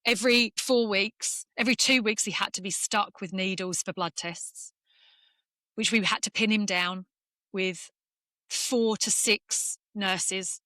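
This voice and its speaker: A middle-aged English woman, a former golfer, talking candidly in an interview and speaking in quick, emotional bursts with restarts. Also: mid-range voice, steady tone, sharp tone, no room sound, studio quality. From England. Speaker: former professional golfer, guest.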